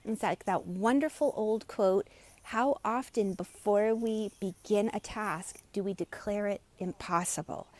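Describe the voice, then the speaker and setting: A woman's voice: mid-range voice, a little mellow. A middle-aged woman, a meditation coach, talks to a live audience in an encouraging way and acts out the voices of people in her stories. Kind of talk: live-streamed guided meditation talk.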